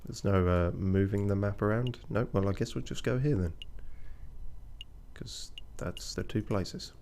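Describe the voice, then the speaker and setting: A man's voice: lowish voice, measured pace, gravelly, darkish tone, a little hiss or hum. A man giving casual game commentary, muttering wry asides as he plays. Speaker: let's play streamer.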